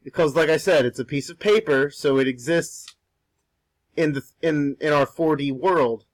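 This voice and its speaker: A young man with a voice on the higher side chats casually while he draws. He rambles, stumbles over repeated words and swears offhandedly. The sound is dry and close, with no room around it. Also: moderate pace, no echo, poor audio. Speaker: art streamer. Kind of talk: casual talk while drawing.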